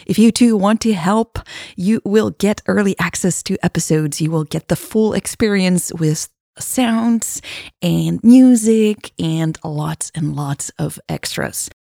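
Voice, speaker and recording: Low gravelly-voiced woman narrator. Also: slow pace, dry recording, clean studio sound. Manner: plain, steady reading with small self-corrections. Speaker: podcast host and story narrator. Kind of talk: reading serialized fiction.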